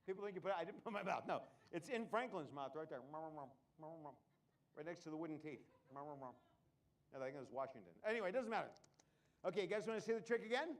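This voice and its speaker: A man's voice: a little high, expressive, fast, pauses often. A man performing a live comedy magic show, joking with volunteers from the audience between tricks.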